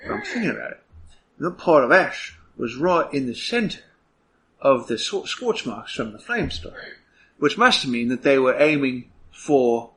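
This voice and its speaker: A man's voice: mid-range voice, big pitch swings, measured pace, fairly bright tone, slight background noise. A man playing a tabletop role-playing game, thinking aloud in a hesitant way. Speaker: player. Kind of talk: tabletop role-play chat.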